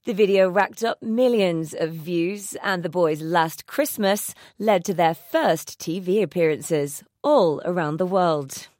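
A woman's voice: fairly low pitch, slow, few pauses, a little mellow, no room sound, clean studio sound. A woman reporter narrating a scripted news package.

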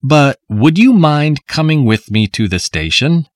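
A man's voice: on the high side, very animated, measured pace, no echo, voice pushed up. A man reading the lines of a sarcastic policeman who speaks with dry, mocking courtesy in a recorded English lesson story. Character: sarcastic, mock-polite male policeman.

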